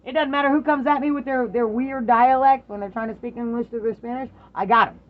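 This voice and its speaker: A middle-aged parent in a casual chat with their adult daughter, telling lively stories, swearing freely and acting out the voices of the people in them. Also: medium pitch, fast, dull audio. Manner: animated storyteller, swears freely, acts out quoted voices.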